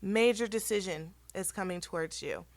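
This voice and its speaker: A woman hosting a casual tarot reading, chatty and rambling with many ums, her voice slightly hoarse. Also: mid-range voice, normal speed, dry recording. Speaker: tarot reader and channel host.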